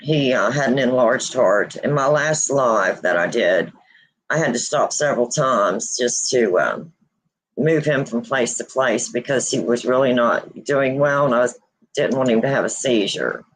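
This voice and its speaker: A woman hosting a casual livestream, grieving and near tears, speaking haltingly with many pauses and restarts. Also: a bass voice, lively intonation, rough recording. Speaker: host of a paranormal channel.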